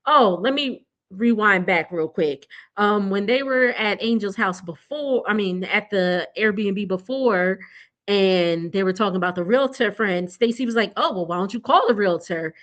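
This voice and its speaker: A young woman talks through a reality show recap in a loose, chatty way. Her voice sits at an ordinary middle pitch, and she is blunt and quick to laugh as she speaks straight to her viewers. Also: a bit bright. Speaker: TV recap vlogger. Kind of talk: casual recap chat.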